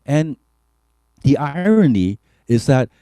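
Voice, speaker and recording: A man's voice: mid-range voice, big pitch swings, slow pace, warm tone, no room sound. A man, a pastor giving an earnest, reflective testimony talk with hesitant fillers. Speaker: pastor and keynote speaker.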